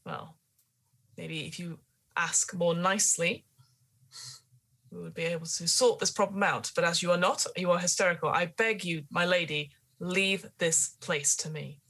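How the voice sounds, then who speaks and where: A stern, protective older gardener, voiced by a woman, who talks in a firm, formal way. The voice sits low and steady, and he insists that everyone keep to their place. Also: normal speed.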